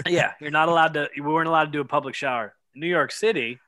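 A man's voice: fairly high pitch, fast, bright, forceful tone, dry recording. Emphatic man, dry close sound. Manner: emphatic, keeps asking "right?". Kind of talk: casual podcast chat.

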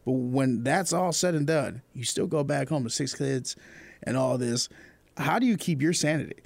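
A man's voice: medium pitch, moderate pace, vocal fry, no room sound. A young adult man hosting a casual podcast interview, talking in a slangy, playful way and laughing easily. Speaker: podcast host.

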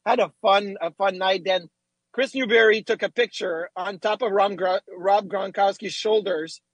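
A middle-aged man co-hosting a sports talk show, telling lively stories and acting out quotes. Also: high-pitched, moderate pace, breathy edge, no room sound, rough recording. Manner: animated storyteller, acts out quotes. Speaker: radio co-host, former goalie. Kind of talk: casual sports talk, storytelling.

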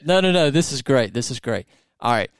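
A man's voice: mid-range voice, very animated, a little fast, clear, resonant tone, dry recording, studio quality. A man with a Southern US accent hosting a casual interview, rambling with lots of fillers. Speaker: podcast host.

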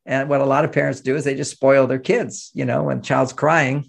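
An older man with a gravelly, creaky edge to his voice. He talks as an interview guest in an animated storytelling way. He often acts out the voices of the people he quotes. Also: mid-range voice, normal speed. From United States. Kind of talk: interview conversation.

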